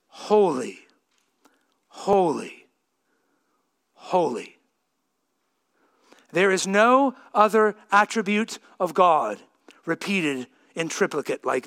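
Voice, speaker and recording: A man preaching a sermon as pastor, reading scripture and building to emphatic, shouted peaks. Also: high-pitched, animated, a little slow. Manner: emphatic, swelling to shouts on key lines.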